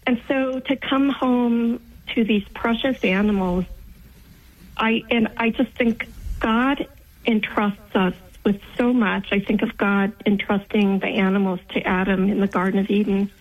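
A woman in her fifties, calling in to a radio talk show, speaking earnestly and gently. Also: mid-range voice, steady tone, unhurried. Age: 50s. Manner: earnest, gentle, faith-filled. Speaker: caller. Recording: thin phone line.

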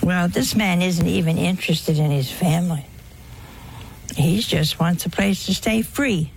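A woman delivers a sermon to a live audience, talking in a folksy, joking manner and playing out little exchanges herself. Her voice sits low and carries a gravelly edge, and she takes her time with every phrase. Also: a little slow, slight background noise. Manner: folksy, humorous, acts out dialogue. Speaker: preacher.

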